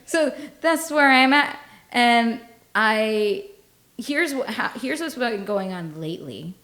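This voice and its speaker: A woman's voice: a little high, slow pace. Woman, forties, podcast co-host, casual comedic chat, self-mocking, frequent laughter. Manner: self-deprecating, laughs often, animated storytelling.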